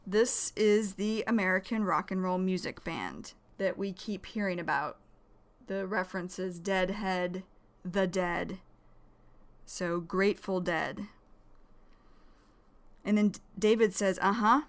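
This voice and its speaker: A woman teaching English vocabulary, explaining each word slowly and carefully. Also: medium pitch. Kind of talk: vocabulary lesson.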